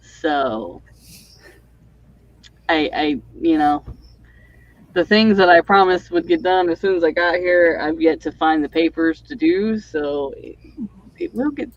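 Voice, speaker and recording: A woman's voice: fairly low pitch, lively intonation, measured pace, dry recording, dull audio. A woman hosting a writing livestream, chatting casually and rambling with lots of fillers over a video call. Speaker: livestream host and author.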